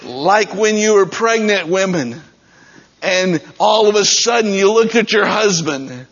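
A pastor man delivers a sermon in a conversational, direct way, with a husky voice pitched a little high. He talks plainly to his congregation. The recording is dull and lo-fi. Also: lively intonation, a little slow, fairly bright tone.

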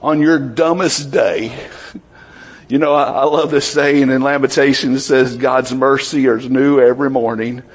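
Husky-voiced preacher man. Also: medium pitch, steady tone, a little slow. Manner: conversational, asks the congregation questions, acts out Bible voices. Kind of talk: sermon.

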